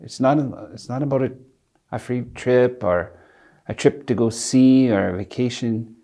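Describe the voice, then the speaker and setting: A middle-aged man telling a personal story in an interview, earnest and reflective, pausing and restarting as he speaks. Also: mid-range voice, dark tone. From Alberta, Canada. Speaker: interviewee, community leader.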